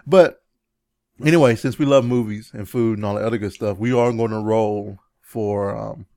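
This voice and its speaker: Animated man chatting casually, chuckling. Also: moderate pace, dry recording, studio quality. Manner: animated, chuckling, jumps into high mimicking yells. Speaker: podcast co-host. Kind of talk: casual chat.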